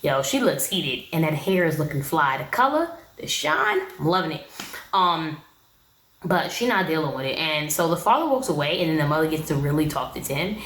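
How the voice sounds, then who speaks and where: A woman's voice: low voice, animated, normal speed, fairly bright tone, roomy sound, low-quality recording. A young woman giving a casual, opinionated recap of a reality show in a slangy, chatty way.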